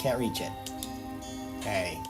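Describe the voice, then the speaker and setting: A man's voice: fairly low pitch, lively intonation, slow pace, music in the background. A man streaming a video game, playfully reading the on-screen text aloud and muttering to himself as he plays. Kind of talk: casual let's-play commentary.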